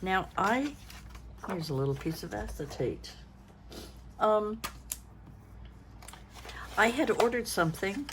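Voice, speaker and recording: A Canadian woman in her sixties with a medium-pitched voice and lively intonation talks slowly, pausing often, with a noisy background. She's a craft vlogger doing a casual show-and-tell, rambling, thinking aloud, and yawning tiredly.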